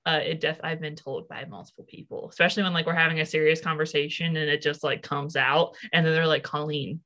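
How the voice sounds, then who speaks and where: Bright-voiced young woman, chatty and giggly. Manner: chatty, laughs often, voice jumps higher when excited. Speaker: podcast co-host. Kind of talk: casual chat.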